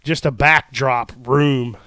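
A man's voice: medium pitch, steady tone, slow, sharp tone, smooth, dry recording. A man co-hosting a horror podcast, chatting loosely about a film and swearing casually. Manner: laid-back, swears casually. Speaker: podcast co-host.

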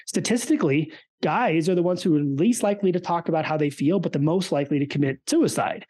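A man's voice: fairly high pitch, darkish tone, slightly rough. A man, likely in his thirties, talking earnestly as a podcast guest, telling stories with animation. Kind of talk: casual interview talk.

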